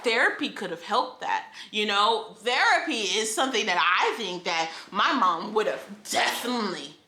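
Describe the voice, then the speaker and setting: A woman's voice: mid-range voice, lively intonation, moderate pace, bright, forceful tone, reverberant, slight background noise. A young woman vlogger telling a painful family story, venting with frustration, repeating herself and laughing through it, recorded on a phone at home. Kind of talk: emotional personal storytime vlog. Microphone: phone camera.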